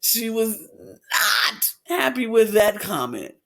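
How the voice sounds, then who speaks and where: A man with a high voice retells reality-TV drama as a podcast co-host. He acts out what people said and swings his pitch up and down a lot. It sounds like casual chat. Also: sing-song, slow, vocal fry, a bit bright.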